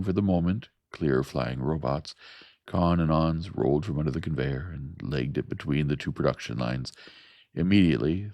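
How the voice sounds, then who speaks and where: Man, very low voice, gravelly, soft-spoken audiobook narration, dry close mic. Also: dry recording.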